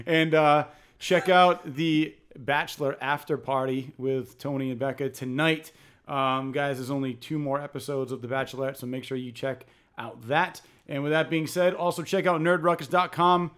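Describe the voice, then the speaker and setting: A man's voice: medium pitch, moderate pace, a bit bright, smooth. A man hosting a podcast in casual chat, laughing often and repeating himself as he talks. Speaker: podcast host.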